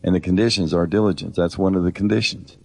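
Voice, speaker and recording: A man's voice: low voice, fairly even intonation, fast, vocal fry. A middle-aged man co-hosting a Bible teaching program, preaching earnestly and directly in a conversational way.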